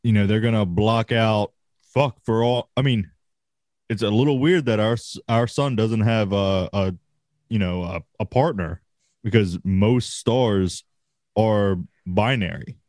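A man's voice: fairly low pitch, measured pace, a little mellow, no echo, studio quality. A man chatting casually on a podcast, swearing freely and laughing often. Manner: profane, laid-back, laughs often. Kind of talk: casual chat.

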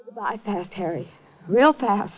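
A woman's voice: medium pitch, expressive, measured pace. A woman playing a sick, desperate young chorus girl, pleading and tearful, in a 1950s radio drama. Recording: dull old radio recording.

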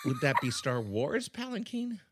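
Animated man co-host with lively pitch. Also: moderate pace, a little hiss or hum. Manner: animated, enthusiastic, stumbling on words. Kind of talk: casual chat and host-read ad.

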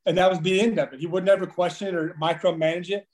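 A man in his thirties, a former ballplayer, telling profane, animated stories in casual chat. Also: high voice, fast talker. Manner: profane, animated storyteller with laughs. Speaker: former baseball player, podcast guest.

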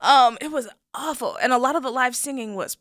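A woman co-hosting a podcast, chatting casually with an animated, laughing manner. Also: high-pitched, a little fast, no echo, studio quality. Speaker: guest co-host.

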